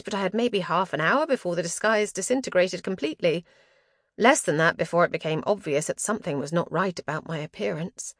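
A woman narrates a first-person fantasy novel with dramatic, expressive storytelling. Her voice sits low, and the recording is dry and close, with no room sound. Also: dry recording. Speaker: audiobook narrator.

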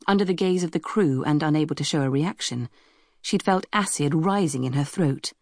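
Narrator, female, low register, dry close sound, measured storytelling. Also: no room sound. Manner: measured storytelling, voices dialogue with raised pitch. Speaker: audiobook narrator. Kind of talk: scripted narration.

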